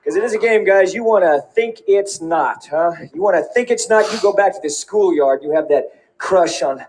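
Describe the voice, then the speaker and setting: An actor playing a crude, intense male self-help guru who shouts like a preacher at a seminar crowd, heard in a film clip. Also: high voice, expressive, moderate pace. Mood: fervent.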